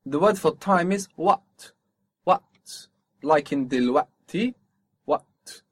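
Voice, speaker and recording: A man's voice: a little high, lively intonation, moderate pace, husky. A man teaching a spoken language lesson, patiently asking for phrases, repeating each answer back and explaining pronunciation.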